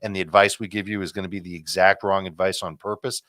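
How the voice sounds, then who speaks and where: A man's voice: deep voice, level tone, quick pace, a bit bright, no room sound, studio quality. A man speaking as a fantasy sports analyst in casual panel chat, joking and teasing.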